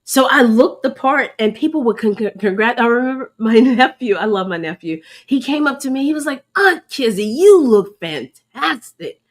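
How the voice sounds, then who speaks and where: A woman's voice: on the high side, animated, brisk, few pauses. Earnest preacherly woman sharing testimony. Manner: earnest, preacherly, addresses listeners as y'all. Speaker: host. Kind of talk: faith-based personal testimony.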